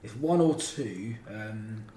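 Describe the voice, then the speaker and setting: Slow, hesitant male quiz player, echoey. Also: lowish voice, expressive, warm tone, slight background noise. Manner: hesitant, thinking aloud. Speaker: quiz contestant. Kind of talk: casual chat in a quiz game.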